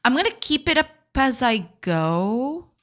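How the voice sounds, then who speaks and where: A woman's voice: high voice, big pitch swings, a little slow, a bit bright. Giggly woman thinking aloud through a voice changer. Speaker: game developer streaming live. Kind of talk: casual live-stream coding commentary.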